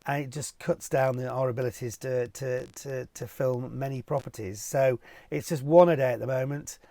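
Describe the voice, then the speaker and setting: A man's voice: mid-range voice, steady tone, normal speed, gravelly, dark tone, no echo. A cheerful middle-aged man hosting a casual Q&A, reading out viewer questions and answering them in a jokey, chatty way. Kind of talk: casual Q&A video.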